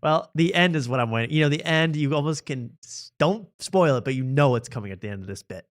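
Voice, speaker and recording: A male host in casual chat, his voice a touch high and swinging widely in pitch. He laughs often and keeps repeating favorite lines. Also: animated, fast talker.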